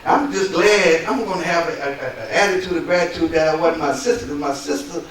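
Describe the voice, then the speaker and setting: A man preaching a sermon as pastor, animated and often chuckling as he talks. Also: a little high, a little fast. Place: large church sanctuary with congregation. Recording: echoey church, distant mic, crowd.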